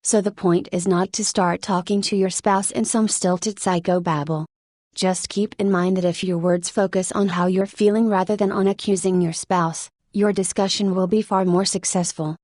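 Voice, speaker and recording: A woman narrating a nonfiction audiobook in a steady, even read-aloud manner. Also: medium pitch, normal speed, no echo, clean studio sound.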